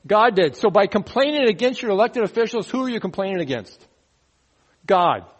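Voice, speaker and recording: A man's voice: high-pitched, sing-song, brisk. A man preaching a verse-by-verse sermon, teaching and putting questions to the congregation, mocking grumblers by turns. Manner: mocking grumblers in a rising, louder voice. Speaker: pastor.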